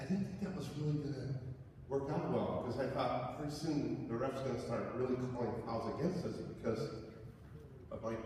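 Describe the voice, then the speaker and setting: A man tells funny stories to a school chapel crowd, animated and quick to act out other voices. He sits at a middle pitch and is recorded from afar. His voice bounces around a large, reverberant hall with steady noise underneath. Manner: animated, acts out voices loudly. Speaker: chapel speaker. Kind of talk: humorous storytelling talk. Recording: echoey hall, distant mic, noisy.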